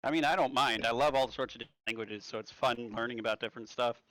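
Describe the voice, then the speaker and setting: Quick-paced and medium-pitched with a fairly bright tone, a man jokes his way through a tabletop game. He rambles and keeps veering into nerdy tangents in the casual table talk. The recording has no room sound and is low quality.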